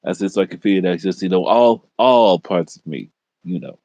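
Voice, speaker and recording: A man co-hosting a casual talk podcast, halting and retelling everything with "I said". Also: low-pitched, warm tone, no echo. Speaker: co-host. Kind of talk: casual chat.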